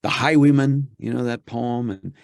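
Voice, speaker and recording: A man's voice: medium pitch, normal speed, gravelly, dry recording, clean studio sound. A man being interviewed as a voice actor, talking in a reflective way and thinking aloud with frequent restarts. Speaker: guest, voice actor. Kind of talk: casual interview chat.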